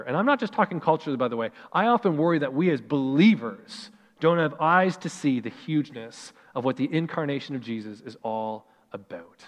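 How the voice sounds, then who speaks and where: A man in his thirties, a pastor, preaching a sermon with animated delivery and slow, dramatic emphasis on scripture. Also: medium pitch. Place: church sanctuary. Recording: long hall reverb.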